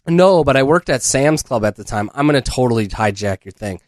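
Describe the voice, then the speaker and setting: Male podcast co-host, mid pitch, rambling anecdotes, dry close sound. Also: lively intonation, brisk, no room sound. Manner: rambling storyteller, breaks into laughter. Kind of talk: casual chat.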